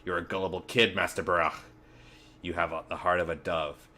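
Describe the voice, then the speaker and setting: A man reading aloud the lines of a gruff, rich older factory boss in a game. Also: low voice, little pitch movement, fairly quick, pushed and bright, a little hiss or hum. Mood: dismissive. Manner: reads game dialogue aloud, dismissive.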